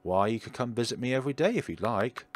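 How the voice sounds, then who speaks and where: Casting: a man doing a gentle, wistful forest witch for a game, lonely and motherly, with a lively, swooping delivery. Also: medium pitch, fast talker, slight background noise, lightly acted. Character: lonely motherly woman witch living in woods. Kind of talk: reading game dialogue aloud.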